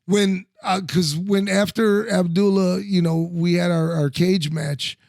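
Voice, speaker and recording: A man, a former wrestler co-hosting a podcast, telling stories in animated, profane casual chat with lots of restarts. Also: sits high, measured pace, gravelly, dry recording, clean studio sound.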